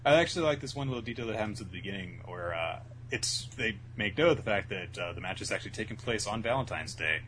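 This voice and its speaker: A man co-hosting a casual podcast, recapping a manga in a laid-back way and slipping in quick voiced asides for the characters. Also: fairly low pitch, animated, fairly bright tone, a little hiss or hum, rough recording. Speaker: podcast co-host.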